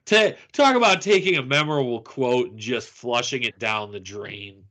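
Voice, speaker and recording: A man co-hosting a casual podcast chat, playful and quick to laugh. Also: mid-range voice, bright, forceful tone. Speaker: podcast co-host.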